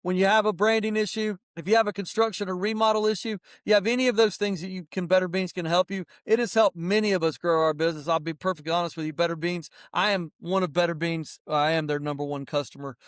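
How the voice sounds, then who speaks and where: A middle-aged man, the host of a casual motivational podcast, rattles off opinions in a blunt, fired-up, preachy manner. His high voice is clear and resonant with fairly even intonation, in a dry, studio-quality recording.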